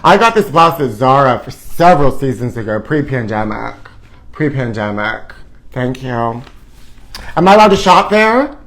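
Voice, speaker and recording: A man's voice: mid-range voice, very animated, normal speed, fairly bright tone. A man hosting a live gossip show, campy and sassy, who calls everyone honey and now and then sings a line. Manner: breaks into short bits of song. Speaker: host.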